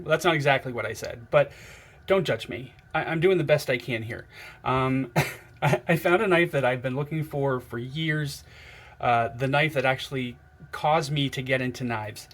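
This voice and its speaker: A man excitedly unboxing and looking over a knife in a casual vlog, gushing and chatting to his viewers. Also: medium pitch, normal speed. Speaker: knife collector vlogger.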